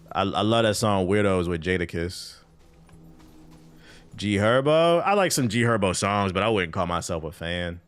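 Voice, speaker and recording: Male gaming streamer, low-pitched, animated, profane and casual with his audience. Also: normal speed, smooth, faint music behind. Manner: loose, profane slang, reacts to chat. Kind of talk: casual live-stream commentary while playing.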